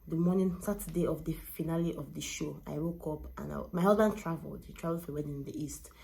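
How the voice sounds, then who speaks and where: A woman's voice: low-pitched, fast talker, vocal fry, a little mellow, a little hiss or hum. A young woman, candidly telling a personal story as a vlogger. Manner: candid, emotional, retelling with quoted dialogue.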